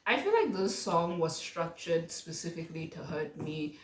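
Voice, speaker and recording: A woman's voice: low-pitched, sing-song, moderate pace. Dramatic, exasperated woman in a roomy space. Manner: dramatic, exasperated, playfully outraged. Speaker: music reaction vlogger. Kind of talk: casual reaction commentary. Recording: roomy echo.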